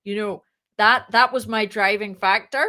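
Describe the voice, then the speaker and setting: A woman's voice: medium pitch, normal speed. A woman who co-founded a startup, chatting casually in an interview and acting out the dialogue in her stories. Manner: chatty, animated, acts out quoted dialogue.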